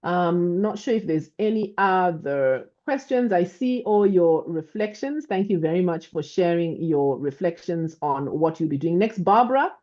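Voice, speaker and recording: A woman gives a measured online talk as guest speaker. Her voice is mellow and low in brightness, and she checks in with her listeners as she goes. The call audio sounds a little dull and lo-fi. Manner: calm, measured, often adds "right?".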